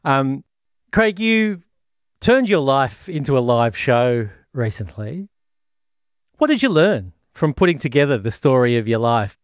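A man's voice: mid-range voice, very animated, unhurried, no echo, clean studio sound. A man interviewing a guest, asking about his life story. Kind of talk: interview questions.

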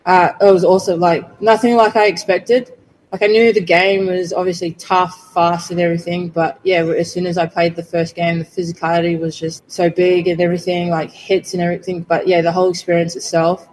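A woman's voice: lowish voice, little pitch movement, brisk, a little mellow, poor audio. A woman, a rugby player answering interview questions earnestly, with many fillers. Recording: faint background noise.

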